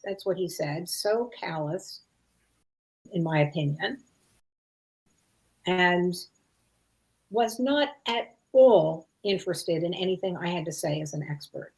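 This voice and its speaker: A woman's voice: lowish voice, a little slow, pauses often, darkish tone. A middle-aged woman answering an interview question as an expert guest. She talks in a thoughtful, conversational way, acting out parents' lines as examples and often saying "you know" and "like.".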